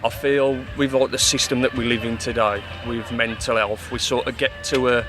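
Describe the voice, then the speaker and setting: A man's voice: mid-range voice, flat delivery, moderate pace. A man from the Midlands, a poet talking casually in an interview outdoors at an event, plain-spoken and calling the host mate. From English West Midlands. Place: outdoor event with music behind. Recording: outdoor event with loud music behind. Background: live music.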